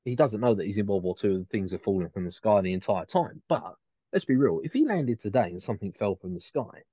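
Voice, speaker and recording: A man with a fairly low voice talks his way around a point, full of restarts and fillers. The recording is dry and a little dull. The chat stays casual and unscripted. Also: expressive, fast, warm tone, slightly rough, dry recording. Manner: rambling, many restarts and fillers. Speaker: podcast co-host.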